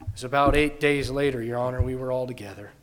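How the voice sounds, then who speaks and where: A preacher playing the disciple Thomas as an earnest man giving dramatic first-person testimony in court, swinging from hushed to loud. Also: mid-range voice, fast, natural voice. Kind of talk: dramatic monologue in a sermon.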